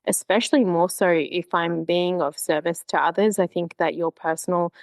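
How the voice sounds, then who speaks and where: A woman's voice: lowish voice, fairly even intonation, moderate pace, vocal fry, dry recording, clean studio sound. A woman speaking as a guest in casual chat, reflective and hesitant, trailing off with fillers.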